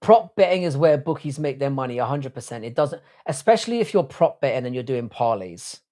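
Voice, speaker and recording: A man's voice: mid-range voice, lively intonation, a little fast, warm tone. A man hosting a casual livestream chat, rambling and swearing, often restarting his sentences. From Ireland. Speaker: podcast host.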